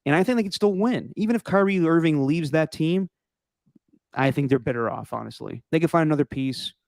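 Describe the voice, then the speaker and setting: Opinionated man, smooth dry podcast voice. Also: on the high side, fairly quick, darkish tone, no echo. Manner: rambling, opinionated, swears casually. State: losing his voice. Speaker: podcast host. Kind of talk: casual sports talk.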